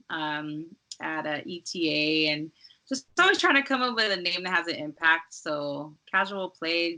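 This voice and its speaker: A woman from Los Angeles, a DJ, chatting casually as a podcast guest in a relaxed, rambling way full of "like" and "um.". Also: lowish voice. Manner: relaxed, rambling, heavy use of "like" and "um".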